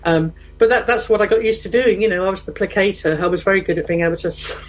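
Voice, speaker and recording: In poor-quality audio, a middle-aged woman with a mid-range voice tells a funny story at a quick pace during casual chat. She's an animated storyteller, acting out quotes from the people in it.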